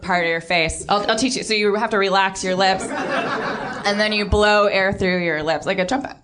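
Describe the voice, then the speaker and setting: A woman's voice: medium pitch, normal speed, crowd noise. A woman guest on a live comedy podcast, telling rambling stories and giggling often. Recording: live stage with audience noise.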